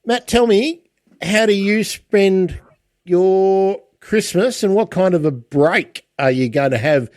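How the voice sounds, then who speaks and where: A man hosting a casual interview, chatty, with lots of halting restarts. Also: sits high, a little mellow, dry recording. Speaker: podcast host.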